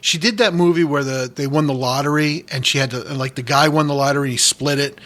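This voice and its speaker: A man's voice: on the high side, fast talker, a bit bright. A man from New England, guest co-host on a casual podcast, rambling and joking with his friend. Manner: rambling, jokey, puts on silly voices.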